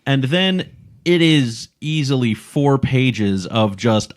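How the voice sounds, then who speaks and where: A man hosting a podcast in casual chat, relaxed and laughing along as he reads things out. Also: medium pitch, slow pace.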